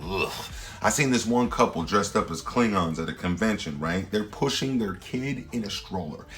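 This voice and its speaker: A man, a standup comedian hosting his own show, rambling through a slangy, playful comedic monologue with sudden loud jumps. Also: fairly low pitch, animated, moderate pace, faint music behind.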